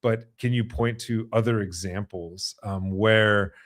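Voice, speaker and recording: A low-voiced man hosts a podcast conversation, working through his points with lots of "you know" and restarts. His voice is recorded close and dry, with no room sound. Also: fairly even intonation, no echo. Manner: halting, many fillers and restarts. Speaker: podcast host. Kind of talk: conversational interview.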